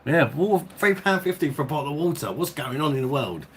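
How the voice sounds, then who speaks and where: A man's voice: fairly high pitch, lively intonation, fast, slight background noise. A man from England, chatting casually on a live stream, reading out viewer names and calling everyone mate. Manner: chatty, reads out viewer names and greets them; blokey slang, calls everyone mate. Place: at home, indoors.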